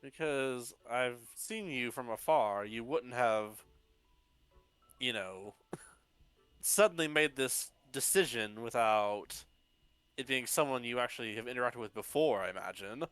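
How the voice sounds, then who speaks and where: A man voicing a calm male mentor who gives advice in a gently teasing way. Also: medium pitch, a little slow, clean tone, no echo, soft background music, natural voice. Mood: advising.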